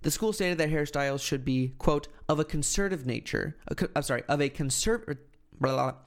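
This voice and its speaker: A man's voice: a little high, lively intonation, a little fast, clean tone. A man with a cold, co-hosting a casual chat and reading news articles aloud with joking asides. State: has a cold. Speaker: podcast co-host reading news.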